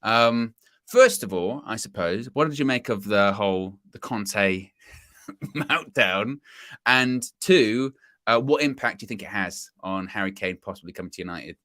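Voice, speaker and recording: A man co-hosting a casual football podcast, chatty and lively, asking questions. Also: fairly low pitch, measured pace, no room sound, studio quality.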